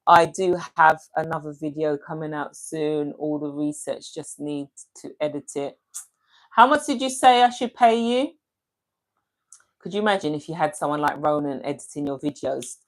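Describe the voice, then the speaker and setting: Woman on a livestream, lowish voice, casual and chatty, greets everyone by name, laughs a lot. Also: normal speed. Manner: chatty, talks straight to viewers by name, laughs easily. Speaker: livestream host. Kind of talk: casual live chat reading comments.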